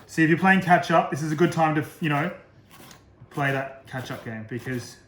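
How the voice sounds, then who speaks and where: A man's voice: on the high side, moderate pace, echoey room, background noise. A man giving a casual cooking demonstration, chatty and self-deprecating, joking about his own slips.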